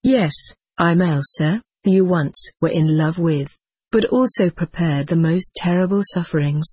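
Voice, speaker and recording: A calm, forgiving woman spirit speaks in a soft, consoling way, as a storyteller puts her on. The voice is husky and mid-pitched. It sounds close and dry, with no room around it. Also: no room sound, lightly acted. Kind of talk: storybook reading.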